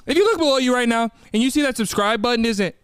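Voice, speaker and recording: A podcast host in a studio opens with casual, energetic intro chat, rambling as he gushes about his listeners. His man's voice is very high-pitched, expressive and quick, slightly bright, with a clean tone.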